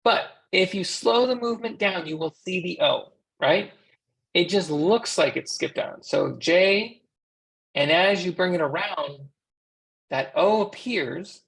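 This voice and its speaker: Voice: medium pitch, a little slow, creaky, fairly bright tone. An interpreter with an American accent voicing a sign language instructor in a class lecture, in a conversational teaching manner with rhetorical questions to the class.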